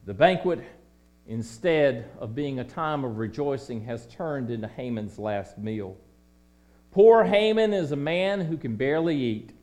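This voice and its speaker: A man preaching a sermon in a dramatic way, dropping to a hush and then rising to loud declaiming. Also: medium pitch, expressive, measured pace.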